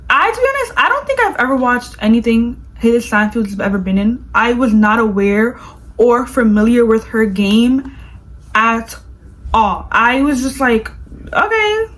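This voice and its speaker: A woman's voice: fairly high pitch, normal speed, low-quality recording. Gushing young-sounding woman vlogger. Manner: gushing, animated, fills speech with "like". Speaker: vlogger reviewing a movie. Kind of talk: casual chat.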